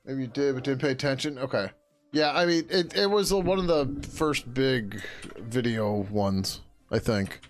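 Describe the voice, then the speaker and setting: A tired man on a casual coding livestream, swearing, laughing and muttering code names as he works, his throat getting hoarse. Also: mid-range voice, animated, measured pace, soft background music. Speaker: livestreaming programmer.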